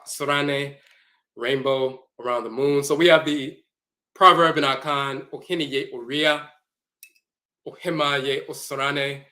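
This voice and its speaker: Bright-voiced man lecturing slowly. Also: mid-range voice. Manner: slow, deliberate, repeats terms to spell them out. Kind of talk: lecture explaining glyphs and dialects.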